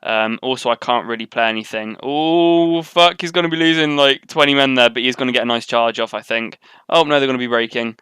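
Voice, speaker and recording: Bright-voiced young man rambling over gameplay. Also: medium pitch, steady tone, fast, clean tone, no echo. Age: young adult. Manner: rambling, chatty, with frequent ums and tangents. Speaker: gaming commentator. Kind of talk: live gameplay commentary. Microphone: webcam setup at desk.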